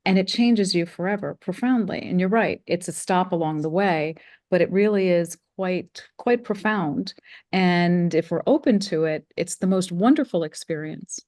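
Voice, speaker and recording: A middle-aged woman from the United States hosting a spiritual interview, speaking gently with fillers and restarts. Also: fairly low pitch, normal speed. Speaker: interview host.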